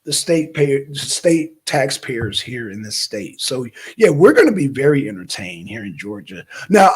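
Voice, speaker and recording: A man's voice: a little high, breathy edge. A man hosting a livestream, talking in a loose, rambling way and calling out viewers by name. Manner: rambling, loose and talkative, shouting out viewers in chat. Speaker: livestream host. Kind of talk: casual livestream chat. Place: Atlanta, Georgia.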